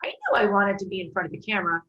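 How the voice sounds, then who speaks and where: A woman, originally from England, talking as a TV host guest in a relaxed interview, chatty and full of "like" and "you know". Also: medium pitch, racing. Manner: chatty, laughs easily, lots of "like" and "you know". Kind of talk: casual interview storytelling. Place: home in Florida. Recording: echoey, slightly dull video call audio.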